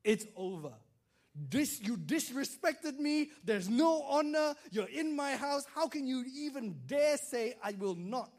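A man putting on the voice of a furious strict father scolding a defiant son, shouting and indignant. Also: extremely high pitch, animated, measured pace, pitched above the performer's own voice, heavily acted.

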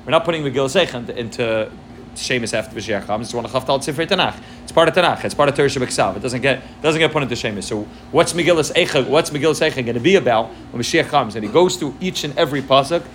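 A man's voice: mid-range voice, racing, slight background noise. A man giving a Torah class, explaining texts line by line and mixing Hebrew and Yiddish terms into English, often checking in with "right?". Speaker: Torah teacher.

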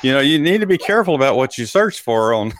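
A man's voice: mid-range voice, big pitch swings, quick pace, slight background noise. A man co-hosting a casual podcast, folksy and chuckling, with plenty of fillers and hesitations. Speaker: podcast co-host. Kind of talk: casual chat.

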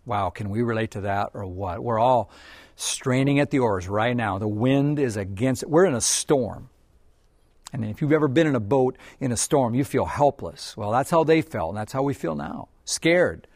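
A man preaching an earnest, gentle devotional sermon, often dropping to a soft hush. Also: mid-range voice, expressive, normal speed, no room sound, clean studio sound. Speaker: pastor.

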